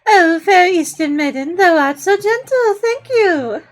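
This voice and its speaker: A woman's voice: very high-pitched, expressive, measured pace. A woman voicing a theatrical man who talks in flowery, old-fashioned verse. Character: theatrical Shakespeare-quoting man, flowery and pompous.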